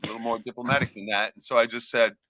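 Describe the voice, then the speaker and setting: A middle-aged man ranting crudely and loudly on a casual livestream, a few beers in. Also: mid-range voice, fairly even intonation, very fast, no room sound, clean studio sound. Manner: profane, rowdy, loud ranting. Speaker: livestream host.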